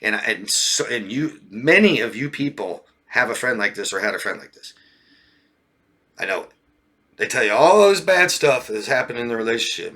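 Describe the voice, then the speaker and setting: Speaking as a relationship coach in a loose, chatty way to viewers, this man sounds bright and enthusiastic, with a mid-range, expressive voice and a slightly quick pace. He keeps tossing out "yeah?" and "right?", laughs frequently, curses occasionally, and mimics friends in high, mocking tones.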